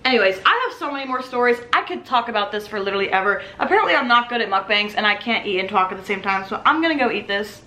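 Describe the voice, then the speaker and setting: This twenty-something restaurant server tells her story in a rapid-fire, animated, casual way, barely pausing and acting out customer voices. Her pitch is medium, the space is reverberant, and a slight hiss or hum is audible.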